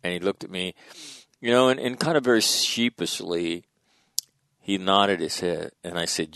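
Gravelly, blunt, low-voiced man. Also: normal speed, dry recording. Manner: blunt, profane, drops to a hush for quoted dialogue. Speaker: guest, former military officer. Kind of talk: storytelling in a podcast conversation.

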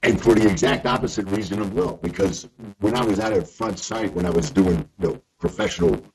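A man with a very low, gravelly voice talks in a relaxed, unhurried way. He pauses and restarts his sentences as he gathers his thoughts. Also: poor audio. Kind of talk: casual chat.

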